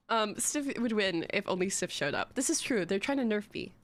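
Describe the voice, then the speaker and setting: A young woman live-streaming and rambling casually to her viewers. Her voice sits a touch higher than most, and she giggles and pokes fun at herself as she goes. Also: expressive, fairly quick, hardly any pauses, fairly bright tone. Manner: rambling, giggly, self-mocking banter.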